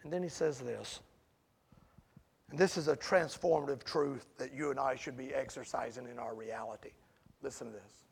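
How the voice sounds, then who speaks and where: A man preaching a sermon in a conversational way, asking the congregation questions and building to loud, emphatic peaks. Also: medium pitch, steady tone, moderate pace, vocal fry, husky.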